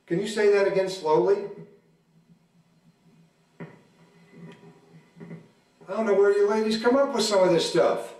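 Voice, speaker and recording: A man in his forties doing stand-up comedy at a church event, telling deadpan stories about his marriage and acting out both sides of the arguments. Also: high-pitched, moderate pace, pauses often. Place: church hall. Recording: echoey hall, mic from a distance.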